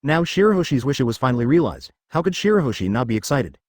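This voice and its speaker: A man's synthetic voice narrating a fan fiction story in a steady machine read. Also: mid-range voice, quick pace, no room sound, studio quality.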